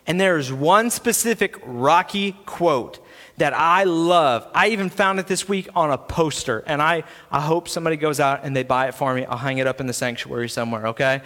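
A man's voice: a little high, moderate pace, fairly bright tone. A man preaching a sermon as pastor in a church sanctuary, earnest and building into impassioned delivery. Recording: long church reverb.

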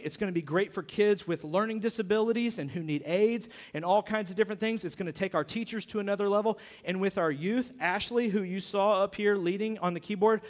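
A man preaching a sermon as pastor of his church, emphatic and given to repeating himself. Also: sits high. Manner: emphatic, repeats himself, acts out quoted voices. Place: church sanctuary. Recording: long hall reverb.

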